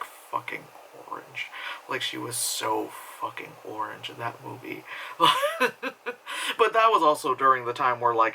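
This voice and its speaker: Bright, rambling profane man reviewing a movie. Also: mid-range voice, rough recording. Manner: rambling, profane, self-mocking with frequent laughs. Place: home.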